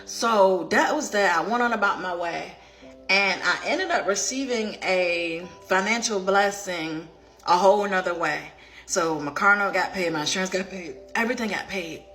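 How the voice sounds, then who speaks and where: Bright-voiced woman telling a faith testimony. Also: medium pitch, moderate pace, soft background music. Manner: animated, conversational storytelling; emotional, near tears. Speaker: life coach.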